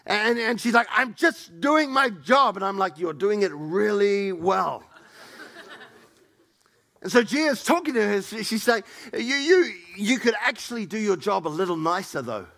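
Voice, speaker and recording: A middle-aged male pastor telling a story in a sermon, animated and acting out the people he quotes. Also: a little slow, gravelly. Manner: animated, acts out quoted people with raised pitch.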